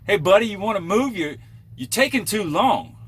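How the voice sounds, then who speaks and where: A man doing a pushy northern trucker, high and loud. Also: lively intonation, moderate pace, slight background noise. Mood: impatient. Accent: put-on northern US. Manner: pushy, scolding. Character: rude impatient northern male trucker.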